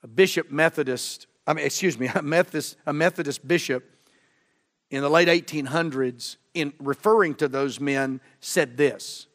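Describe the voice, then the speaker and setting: Fervent male preacher in a reverberant church. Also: moderate pace. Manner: fervent, swings from loud emphasis to low earnest tones. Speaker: guest preacher. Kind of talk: sermon. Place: church sanctuary.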